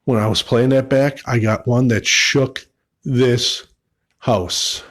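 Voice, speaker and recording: A man talks slowly and quietly while hunting for ghosts alone in an old house. His voice sits at a middle pitch, and he often drops nearly to a murmur as he questions whatever might be there. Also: steady tone. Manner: hushed and startled, talking to spirits. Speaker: paranormal investigator. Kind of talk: solo ghost-hunting commentary.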